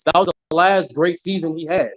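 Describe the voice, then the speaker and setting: A man's voice: a little high, steady tone, a little fast, fairly bright tone, no echo. A man on a panel arguing his point insistently, repeating himself to push back. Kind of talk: heated panel debate. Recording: dry, dull lo-fi sound.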